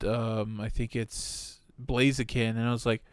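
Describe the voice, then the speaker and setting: A man's voice: medium pitch, level tone, a little slow, clear, resonant tone, no echo, studio quality. A man co-hosting a podcast, chatting casually and a bit hesitantly. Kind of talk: casual chat.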